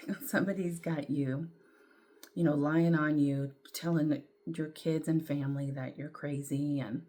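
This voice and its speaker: A middle-aged woman, telling a personal story to camera in a candid, rambling way, with fillers and throat clearing. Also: sits low, steady tone, measured pace, dark tone. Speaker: vlogger.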